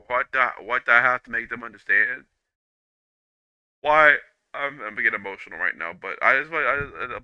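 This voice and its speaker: Halting young man, sharp voice, lo-fi. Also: mid-range voice, clean tone, dry recording. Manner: halting, many restarts and repeats, swears freely. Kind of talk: rambling personal monologue. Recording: dull lo-fi dry recording.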